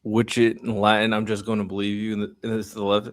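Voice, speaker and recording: A man's voice: lowish voice, flat delivery, brisk, hardly any pauses. A man streaming casual, sarcastic reaction commentary on a hearing clip. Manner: joking, sarcastic asides.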